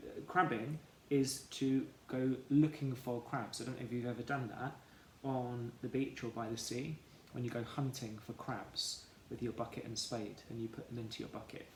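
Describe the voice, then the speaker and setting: A man teaching a children's phonics lesson, slowly sounding out letters and syllables in an encouraging way. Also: mid-range voice. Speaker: primary school teacher. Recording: echoey room, faint background noise.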